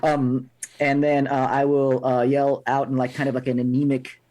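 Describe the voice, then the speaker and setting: A man's voice: medium pitch, monotone, normal speed, a little mellow. A man playing a tabletop game, describing his moves hesitantly with many fillers. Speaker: player. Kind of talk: casual tabletop game chat.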